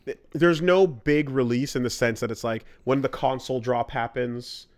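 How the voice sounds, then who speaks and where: Podcast co-host, male, relaxed rambling delivery, plain mid-range voice. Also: medium pitch, normal speed. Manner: rambling, filler-heavy, enthusiastic about fighting games. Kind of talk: casual chat.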